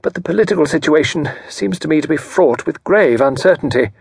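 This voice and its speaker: Male narrator doing placid, chatty older lady hostess, pitched way up, dry audiobook read. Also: animated, a little fast, creaky, a little mellow, husky, no echo, full character voice. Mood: placid chatter. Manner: placid, prattling, genteel.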